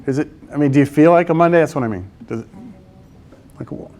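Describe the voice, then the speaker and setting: Man, math teacher, slightly high voice, classroom lecture, coaxing, quizzes students. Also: fast talker, a little mellow.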